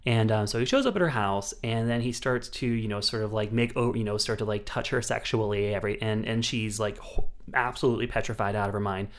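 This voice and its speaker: A man's voice: fairly low pitch, fast. A man in a casual podcast chat, recapping a film plot in a rambling way, full of fillers and restarts.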